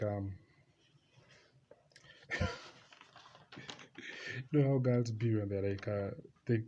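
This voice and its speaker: Young man, casual storytelling, rambling, repetitive, slow, mellow tone, dull lo-fi sound with faint hiss. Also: lowish voice. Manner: rambling, repetitive, laughs between lines. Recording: slightly dull lo-fi recording with faint noise.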